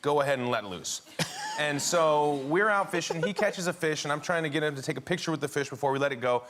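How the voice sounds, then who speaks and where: A man, a talk show guest, telling a story in a halting way with many restarts. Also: on the high side, animated, a bit bright. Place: TV studio.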